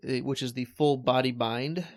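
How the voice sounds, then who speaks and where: A man's voice: mid-range voice, steady tone. Man co-hosting a book podcast, wry. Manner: wry, jokey, halting restarts. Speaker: podcast co-host. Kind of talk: casual book discussion.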